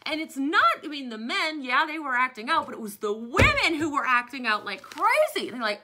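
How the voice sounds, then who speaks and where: A woman's voice: sits high, sing-song, fairly quick, hardly any pauses, heavy background noise. A woman in her thirties from New Orleans, teaching a history lesson in a chatty, digressive storytelling way. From New Orleans, USA. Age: 30s.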